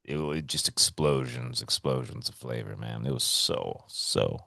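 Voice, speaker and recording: A man's voice: rumbling low, a little slow, vocal fry, pushed and bright, no echo, clean studio sound. A man co-hosting a podcast over a remote call, telling stories in a laid-back, swearing, casual way. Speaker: podcast co-host. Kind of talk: casual chat.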